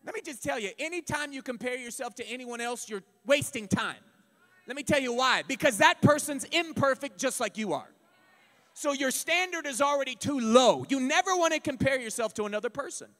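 A male pastor preaching a sermon, emphatic and building to shouts. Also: very high voice, animated, fairly quick. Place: church sanctuary. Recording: long reverb of a church hall.

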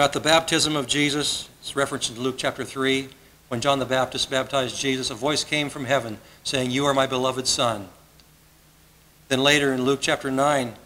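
A man's voice: medium pitch, pushed and bright, low-quality recording. A man preaching a sermon as pastor, earnest and conversational, often repeating his phrases. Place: church sanctuary.

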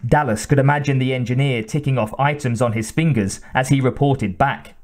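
A man with a mid-range voice reads an audiobook in a steady, measured way. It's scripted narration.

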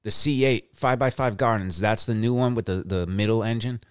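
A man's voice: fairly low pitch, normal speed, clear, resonant tone, dry recording, clean studio sound. A middle-aged man hosting a show, talking in a brash, swaggering, profane monologue and repeating lines for emphasis. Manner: brash, swaggering, heavy cursing. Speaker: podcast host.

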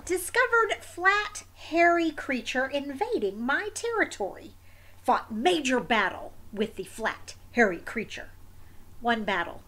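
A woman reading a picture book aloud in the voice of a sleepy, stubborn wombat, in terse, deadpan diary entries. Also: high voice, a little slow, exaggerated voice.

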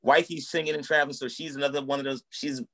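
A man in his thirties tells his story in a relaxed interview. He talks in a loose, chatty way and acts out what people said along the way. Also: medium pitch, quick pace. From United States. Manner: animated, acts out quoted dialogue. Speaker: guest, musician and minister. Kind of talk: casual conversational storytelling.

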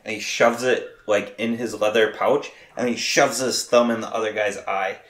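A man running a tabletop game as game master, narrating haltingly with many fillers and restarts. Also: fairly low pitch, fairly even intonation, a bit bright. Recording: echoey room.

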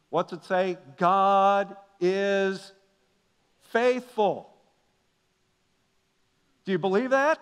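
A man preaching a sermon as pastor, moving between hushed, confiding passages and loud, emphatic calls to the congregation. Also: sits high. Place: church sanctuary. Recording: long reverb of a large hall.

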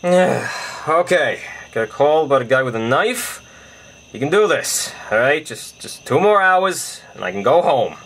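A man's voice: mid-range voice, expressive, measured pace, a bit bright, a little hiss or hum. A man voicing a nervous, clumsy police officer who stammers and panics. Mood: weary.

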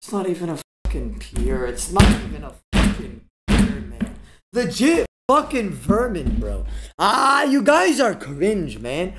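A man streaming live gameplay, trash-talking and swearing a lot, with sudden bursts of yelling as he coaches viewers through fights. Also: sits high, wildly swooping pitch, measured pace, background noise.

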